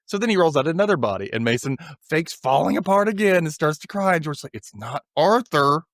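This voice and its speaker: A man's voice: fairly high pitch, quick pace, dry recording, studio quality. A man hosting a podcast, casually recapping a TV episode and briefly acting out the characters' lines as he tells it. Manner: animated, acts out characters' lines while retelling scenes.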